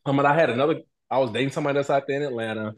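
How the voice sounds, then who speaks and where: A middle-aged man telling a story as a guest in a casual interview, animated and acting out other people's lines. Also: mid-range voice, racing. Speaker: reality TV guest.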